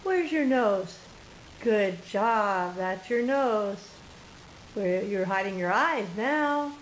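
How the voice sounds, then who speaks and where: A woman's voice: medium pitch, animated, slow pace, a little hiss or hum, rough recording. A woman talking playful, coaxing baby talk to a toddler at mealtime in a home video. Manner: sing-song, coaxing, playful. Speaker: parent filming toddler.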